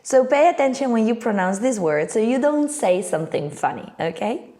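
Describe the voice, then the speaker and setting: A woman's voice: on the high side, expressive, moderate pace, mellow. A woman, not a native English speaker, teaching an online English lesson in a playful way with little acted scenes.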